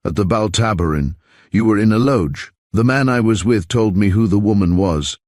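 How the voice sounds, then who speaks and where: A man voicing a cool young gentleman who speaks quietly and in a measured way. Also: on the low side, no room sound, studio quality, lightly acted.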